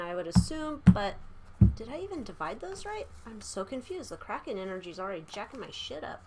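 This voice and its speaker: A woman's voice: mid-range voice, big pitch swings, brisk, heavy background noise. A woman giving a casual tarot reading, rambling and chatty, irreverent, with casual swearing. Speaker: tarot reader.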